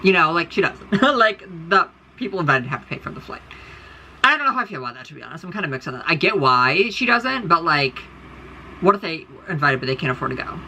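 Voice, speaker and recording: A woman's voice: sits low, very animated, quick pace, sharp tone, a little hiss or hum, low-quality recording. A woman from the United States in a casual, rambling monologue to her followers, blunt and profane, full of fillers, talking into her phone indoors. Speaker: content creator.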